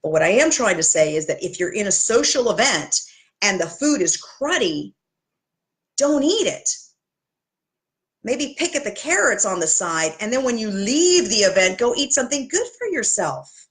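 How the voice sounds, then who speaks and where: A woman's voice: mid-range voice, sing-song, normal speed. A woman fitness coach gives health advice straight to camera. She is direct and pushes hard with tough love, and she drifts into chatty asides and corrects herself mid-sentence. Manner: blunt, pushy motivational talk with tough love.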